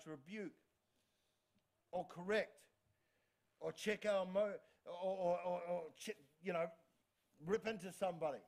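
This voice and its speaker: A man preaches from the pulpit in a bright, high voice. He talks with lively energy, stumbles and restarts words as he goes, and keeps calling out for amens from the room. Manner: energetic, frequent restarts and stammers, calls for amens. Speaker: pastor. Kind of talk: sermon.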